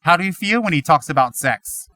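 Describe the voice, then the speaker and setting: This man's Buddhist dharma talk is brisk and animated, full of rhetorical questions and the odd impression of someone else's voice. His voice is a little high, and the recording has no echo.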